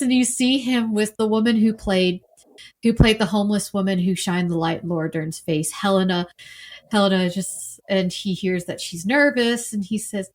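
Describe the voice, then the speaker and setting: Woman, middle pitch, chatty podcast guest, laughs often. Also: steady tone, normal speed. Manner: chatty, laughs often, mimics people in quotes. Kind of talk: casual film chat.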